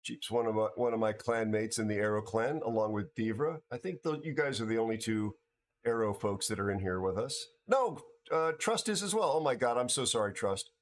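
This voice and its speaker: A tired older American man hosting a casual livestream chat, rambling and halting with many restarts and fillers. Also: lowish voice, animated. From United States. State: tired from no sleep. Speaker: livestream host.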